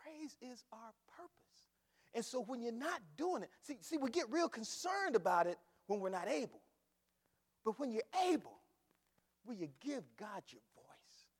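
A man preaching a sermon, swinging from shouts to hushed quotes. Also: very high voice, animated, a little slow. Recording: long hall reverb.

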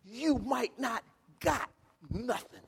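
A man's voice: very high-pitched, slow, creaky, breathy edge, long reverb tail, voice pushed up, full character voice. A man putting on a drawling Louisiana preacher. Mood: solemn. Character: old male preacher from Louisiana, slow and weighty.

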